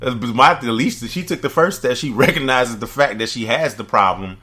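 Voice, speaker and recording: A man co-hosting a casual podcast chat, animated, acting out quotes in a high voice. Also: normal speed. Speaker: podcast co-host.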